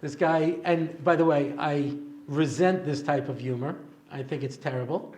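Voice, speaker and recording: A man's voice: on the high side, moderate pace, a little mellow, slight background noise. A middle-aged man, a rabbi giving a humorous lecture, telling jokes and chuckling at them before a live audience. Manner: joking storyteller, chuckles at his own jokes.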